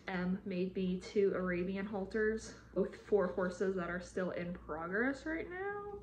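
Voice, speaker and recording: A woman chatting casually to camera as she unboxes a parcel, gushing and excitable, full of gasps and exclamations. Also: mid-range voice. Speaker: model horse customizer. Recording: noisy home recording.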